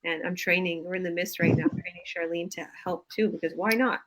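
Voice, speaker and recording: A woman's voice: on the low side, fairly even intonation, fairly quick, noisy background. A woman coach hosting a casual live stream over a video call, gushing with enthusiastic praise.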